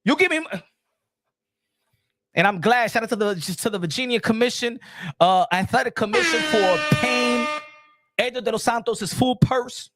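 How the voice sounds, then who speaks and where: A man hosting a boxing livestream, excitable and repetitive, dropping in Spanish phrases. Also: very high voice, moderate pace, faint music behind. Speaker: boxing show host.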